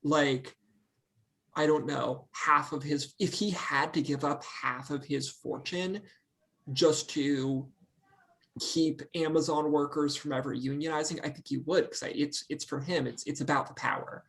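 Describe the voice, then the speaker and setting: A man's voice: on the high side, fairly even intonation, measured pace, vocal fry, a bit bright. A man who is a journalist, speaking as a guest in casual chat, thoughtful and hedging.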